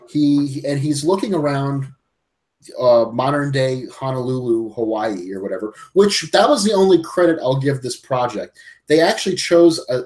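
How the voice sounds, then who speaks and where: A man's voice: mid-range voice, a little mellow. A man co-hosting a casual movie-review podcast, blunt and profane, often stumbling over his words. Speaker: podcast co-host.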